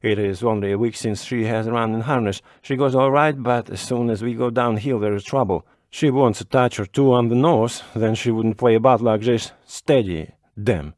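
A man reading a story aloud voices a rough middle-aged cart driver who cries out in alarm and grumbles curses at his horses. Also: mid-range voice, normal speed, hardly any pauses, darkish tone, no echo, studio quality, close to an everyday voice. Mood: grumbling. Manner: crying out in alarm, then muttering curses.

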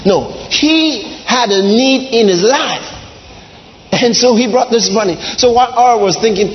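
Preaching man, high and animated, in a hall. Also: a little hiss or hum. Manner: dramatic preaching with wide swings, soft drawn-out lines and shouts. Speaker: pastor. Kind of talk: sermon. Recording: dull lo-fi sound in a large reverberant hall.

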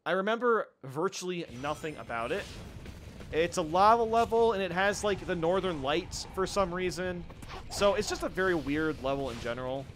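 A young man giving casual, jokey let's-play commentary, reacting loudly to the game as he plays. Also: high voice. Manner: excitable, jokey, yelps at the game. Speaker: gaming YouTuber. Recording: faint game music behind.

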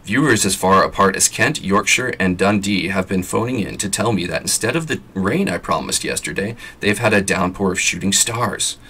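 A jovial TV weatherman, played by a man reading aloud, who chats in a breezy broadcast patter. His voice is low, forceful and a touch husky. It is from a storybook reading. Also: moderate pace, hardly any pauses, full character voice.

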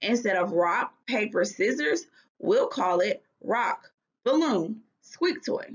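A woman voicing a lively young girl who coaxes her little brother along in a playful, eager way. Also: mid-range voice, slow, slightly rough. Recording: dull lo-fi recording.

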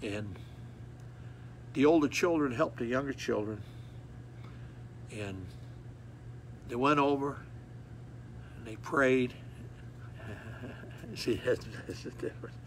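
A man preaching a sermon, folksy and repetitive, telling stories with animated acted-out moments. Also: mid-range voice, takes it slowly, long pauses, a little hiss or hum.

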